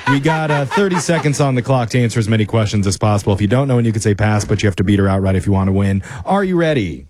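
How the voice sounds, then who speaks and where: A man hosting a radio quiz segment, teasing the players and reading questions briskly. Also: on the low side, lively intonation, darkish tone. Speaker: radio show host running a quiz game. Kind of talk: upbeat radio banter. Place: radio studio.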